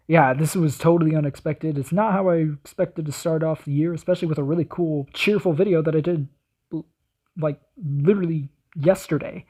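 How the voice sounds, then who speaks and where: A man's voice: a little high, warm tone. A young man hosting a reaction video, talking in a casual, slangy and rambling way.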